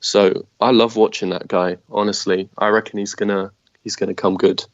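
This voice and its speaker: A man's voice: on the low side, flat delivery, normal speed, no room sound, lo-fi sound. A man talking enthusiastically and easily about a young football player on a podcast. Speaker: podcast guest. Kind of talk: casual football chat.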